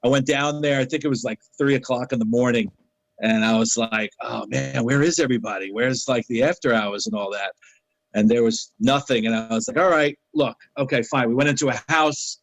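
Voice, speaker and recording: Speaking briskly in a mid-range voice, a New York City man appears as an interview guest, spinning lively stories and performing each quoted line himself. The recording is rough and dry, captured close to the microphone.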